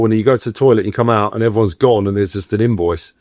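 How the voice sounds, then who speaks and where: Speaking rapid-fire in a lowish voice, this middle-aged man is an actor guest swapping stories in a relaxed interview. He gets animated, performing the voices he quotes, and the studio recording carries no room sound.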